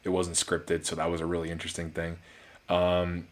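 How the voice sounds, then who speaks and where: Male film reviewer, very low voice, casual and rambling. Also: monotone, normal speed. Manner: rambling, frequent restarts and fillers. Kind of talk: casual solo movie review.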